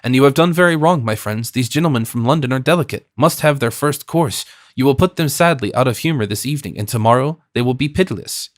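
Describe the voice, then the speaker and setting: A man reads a shrewd old-world general in a dry, close audiobook sound. The general speaks calmly and measures every question. His voice sits at a middle pitch. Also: fast talker, hardly any pauses, dry recording, lightly acted. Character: shrewd, calm English general questioning a prisoner.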